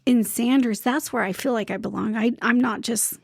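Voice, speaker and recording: A woman from the Navajo Nation talks in a relaxed, rambling way, trailing into fillers and restarting her sentences. Her voice sits a bit high, and the recording is close and dry with no room sound. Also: normal speed, vocal fry, no room sound. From Navajo Nation, Arizona. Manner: chatty, many fillers and restarts. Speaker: podcast guest. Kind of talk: casual podcast chat.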